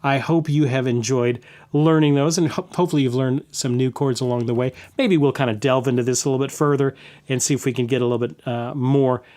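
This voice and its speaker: A man's voice: mid-range voice, fairly even intonation, fairly quick. A man teaching a guitar lesson in a casual way, explaining chord substitutions and humming the changes as he plays. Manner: casual, hums and scats the chords while playing. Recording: guitar playing loudly underneath. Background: acoustic guitar.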